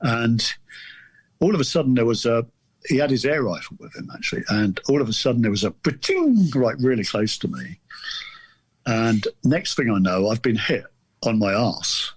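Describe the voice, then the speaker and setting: Podcast guest, man about 60, husky tone, dry sound, loose amused storyteller. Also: medium pitch, big pitch swings, moderate pace, no echo. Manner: rambling, amused anecdote telling. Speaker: guest author. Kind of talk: casual storytelling chat.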